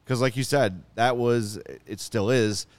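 A man's voice: medium pitch, steady tone, unhurried, no room sound. A man with a Chicago accent hosting a sports podcast, talking casually and swearing in frustration. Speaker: podcast host.

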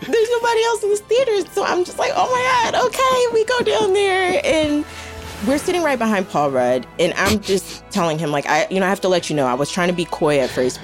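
A young woman telling a story with great energy, acting out the people in it and laughing as she goes. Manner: acts out quotes with big pitch swings and laughter. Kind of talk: animated storytelling.

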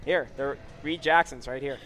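A young man co-hosting a sports podcast, joking around in casual chat and rattling off ad reads at high speed. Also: fairly even intonation, fairly bright tone. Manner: joking, talks very fast on reads. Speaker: podcast co-host. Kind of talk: casual chat, rapid ad read.

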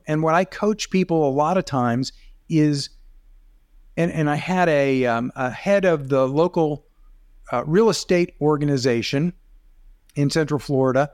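A man's voice: on the high side, no room sound, studio quality. A middle-aged man, a video coach, explaining as a podcast guest in casual talk, demonstrative with rising and falling emphasis.

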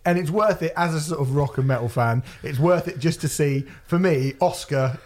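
A man's voice: fairly high pitch, normal speed, a little hiss or hum. A man co-hosting a music podcast, chatting casually and breaking into laughter while mocking. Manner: animated, laughing, mocking in bursts. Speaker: podcast co-host. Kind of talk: casual chat.

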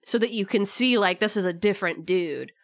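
A young woman co-hosts a podcast in a loose, rambling way, full of filler words and quick questions. Her voice sits mid-pitch for a woman and sounds dry and close, with no room around it. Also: no room sound. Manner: chatty, many fillers, lively questions. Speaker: podcast co-host. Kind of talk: casual chat.

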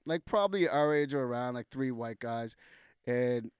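Loose, animated young man telling stories. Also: mid-range voice, normal speed, clean tone, no echo, clean studio sound. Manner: animated, loose storytelling full of "like" and acted-out quotes. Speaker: guest rapper. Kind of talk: casual podcast storytelling.

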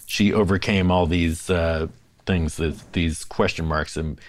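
A man's voice: deep voice, steady tone, a little slow. A man from San Francisco co-hosting a casual chat, hesitant with many fillers and repeats. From San Francisco, USA. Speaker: podcast co-host.

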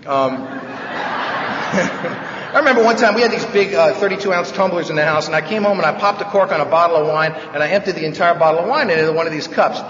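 A man from the Bronx telling his own story at a recovery meeting, with wry jokes and animated delivery. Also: a little high, a little fast, background noise. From the Bronx, New York. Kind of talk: personal recovery talk, humorous storytelling. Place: large meeting hall. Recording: echoey hall, distant mic, dull sound.

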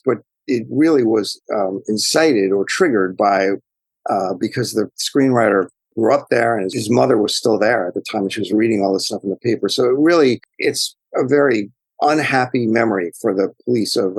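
Male author guest, deeper husky voice, digressive thoughtful storyteller, dry close sound. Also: no room sound, low-quality recording. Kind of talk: interview answers.

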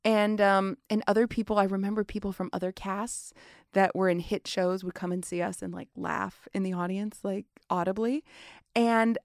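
Guest, woman in her forties, anecdotal and lively, dry close mic. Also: medium pitch, normal speed, no room sound. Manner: chatty storyteller, acts out quotes. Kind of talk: casual interview chat.

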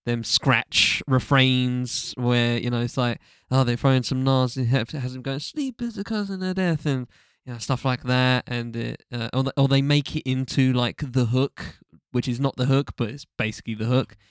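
A man's voice: medium pitch, little pitch movement, moderate pace, hardly any pauses, smooth, no room sound, studio quality. A man co-hosting a casual music podcast, talking loosely with lots of fillers and restarts and casual swearing. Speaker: podcast co-host. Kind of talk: casual music review chat.

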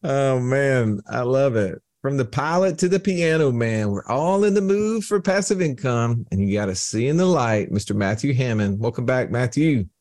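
A man's voice: mid-range voice, animated, normal speed, few pauses, a little mellow. A Texan man hosts a casual round-table chat with a playful, joking manner. He introduces guests with flashy nicknames and laughs easily. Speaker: podcast host. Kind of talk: casual panel discussion.

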